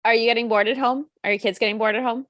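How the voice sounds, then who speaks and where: A woman's voice: a little high, steady tone, racing, fairly bright tone, no room sound. A woman co-hosting a live-stream show, giggly and playful, reading out trivia. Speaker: podcast co-host. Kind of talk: casual live-stream chat.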